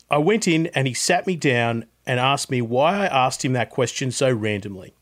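A man's voice: on the high side, close to an everyday voice. A man reading a listener's story aloud, putting on an Australian accent to voice a former mechanic turned car salesman. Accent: put-on Australian.

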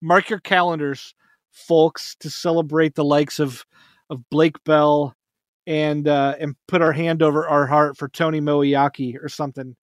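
A man's voice: fairly high pitch, little pitch movement, no echo, studio quality. A man hosting a casual sports podcast, jokey and upbeat. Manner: jokey, upbeat, quick laughs. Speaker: podcast host.

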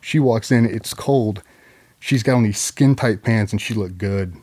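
A middle-aged military veteran telling a long story in a loose, profane way, full of ums and likes. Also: male voice, on the low side, measured pace, a little mellow, slightly rough. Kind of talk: casual storytelling.

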